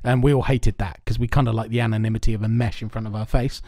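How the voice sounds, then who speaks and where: Recording from a soundproofed home setup, this man co-hosts a podcast, laughing and cursing through rambling stories in casual chat. He talks fast in a fairly low, steady, darkish voice, with clean studio sound and no echo.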